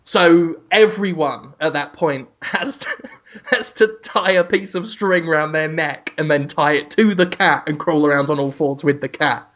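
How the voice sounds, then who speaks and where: A man's voice: fairly high pitch, measured pace, a bit bright. A man co-hosting a comedic podcast, laying out absurd mock-grand schemes with a straight face. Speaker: podcast co-host.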